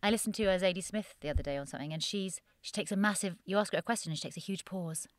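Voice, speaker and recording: A woman, a guest comedy writer, chatting casually on a podcast in an excitable, rambling way and laughing often. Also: fairly low pitch, rapid-fire, no room sound.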